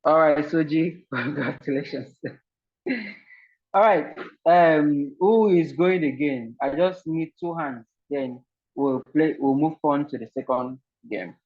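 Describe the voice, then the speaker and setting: A man's voice: fairly high pitch, slow, muffled recording. A man hosting an online team game over a video call, polite and full of fillers and repeated words. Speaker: online session host.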